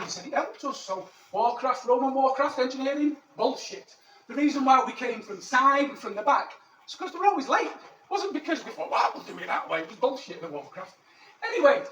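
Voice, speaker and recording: A comedian adopts a full character voice, very high, bright and forceful, to play a boastful ancient Roman legionary living in Manchester. His stand-up monologue is crude, cheeky and rambling, recorded on a far-off mic with echo and background noise.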